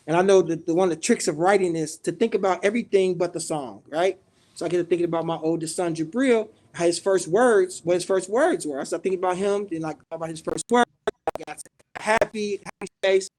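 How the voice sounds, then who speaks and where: A middle-aged man from Chicago, a guest in a podcast studio, telling a story in a loose, animated way and swearing freely. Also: high-pitched, fairly quick. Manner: animated, acts out quoted dialogue, swears freely. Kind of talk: casual storytelling in a podcast interview.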